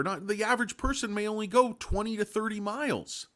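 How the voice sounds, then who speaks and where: A man's voice: high-pitched, a little fast, sharp tone. Crude, rambling male stock streamer. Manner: rambling, crude joking asides; greets chat viewers by name. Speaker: stock market livestream host. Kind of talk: casual live-stream commentary.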